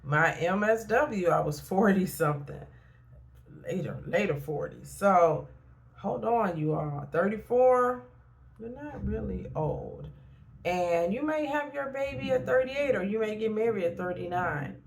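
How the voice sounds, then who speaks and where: A woman's voice: medium pitch, animated, measured pace, creaky. A middle-aged woman, a therapist and life coach, talking frankly in a casual motivational vlog and repeating points for emphasis.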